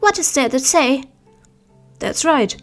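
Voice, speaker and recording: A woman voicing angry villagers in an audiobook mob, shouting accusations in raised, high voices. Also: animated, slow, soft background music. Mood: shrill accusing.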